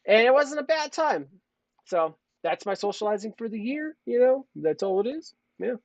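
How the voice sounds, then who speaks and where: A man's voice: very high voice, sing-song, normal speed, no echo. Crude, rambling man telling a story. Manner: crude, rambling, self-mocking. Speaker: podcast co-host. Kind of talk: casual storytelling and chat. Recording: dull lo-fi stream audio, dry.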